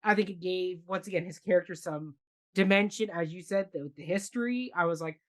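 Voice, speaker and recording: A woman's voice: fairly low pitch, brisk. A woman co-hosting a casual theatre review chat, rambling with many fillers and restarts. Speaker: podcast co-host.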